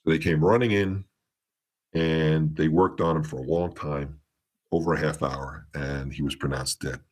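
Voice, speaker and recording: A man with a strikingly low, deep voice tells a long story as a podcast guest. He rambles and restarts his sentences, and his voice jumps up and down as he acts out what people said. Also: fairly even intonation, moderate pace. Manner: meandering retelling with many restarts, acting out quoted dialogue. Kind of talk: storytelling in a casual interview.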